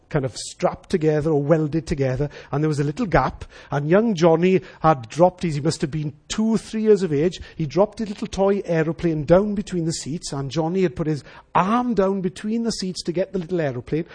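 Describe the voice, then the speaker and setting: Lively, high-voiced Welsh preacher. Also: male voice, breathy edge. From Wales. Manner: animated storyteller acting out voices. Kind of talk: sermon with storytelling.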